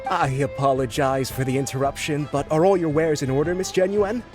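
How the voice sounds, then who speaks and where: A man's voice: a little high, steady tone, brisk, loud music behind the voice, natural voice. A man voicing a polite, businesslike clerk in a video game who is pressed for time. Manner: courteous, businesslike. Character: polite busy male office clerk, hurried.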